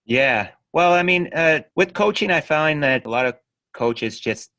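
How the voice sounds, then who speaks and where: A middle-aged man, a judo coach, chatting as a podcast guest and telling animated stories, often laughing and trailing off quietly. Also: on the high side, a little slow, no echo. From Canada. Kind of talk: casual podcast chat.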